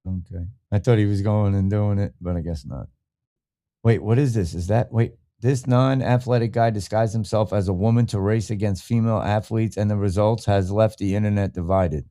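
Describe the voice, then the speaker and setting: A man's voice: fairly low pitch, normal speed, dark tone. A man hosting a podcast, reacting to clips in a blunt, rambling, profane way and laughing at his own jokes. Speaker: podcast host. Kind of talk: casual reaction commentary.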